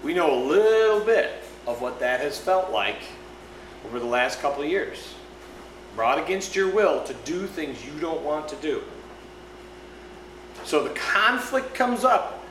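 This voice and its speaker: A man's voice: on the high side, a bit bright. A man preaching a conversational sermon, often checking in with his listeners. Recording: echoey room with background noise.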